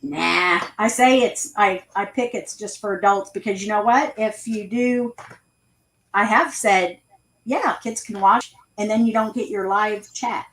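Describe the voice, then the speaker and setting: A woman's voice: medium pitch, unhurried, fairly bright tone, poor audio. Chatty woman, craft host. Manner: chatty, storytelling, laughs easily. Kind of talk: casual livestream chat.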